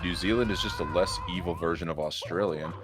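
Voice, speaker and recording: Deep-voiced man calling a speedrun race. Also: fairly quick, noisy background. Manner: energetic, joking play-by-play. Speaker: speedrun commentator. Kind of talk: live esports commentary. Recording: music playing behind.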